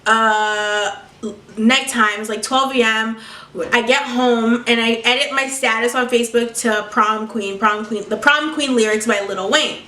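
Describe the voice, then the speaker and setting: A young woman tells a story in a casual vlog, dramatic and full of sass and swearing. Her voice sits a little high and sounds bright and sharp. It bounces around an echoey room, picked up from a little way off the mic. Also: measured pace, far from the mic. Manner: animated, profane, sassy and dramatic. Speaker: vlogger.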